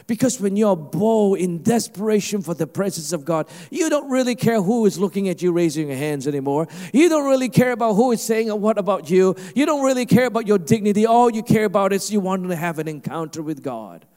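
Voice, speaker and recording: A male pastor preaching a sermon, animated and emphatic, with a conversational delivery. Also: high voice, a little fast, few pauses, big-room sound. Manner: animated, rising to emphatic preaching with mimicked asides.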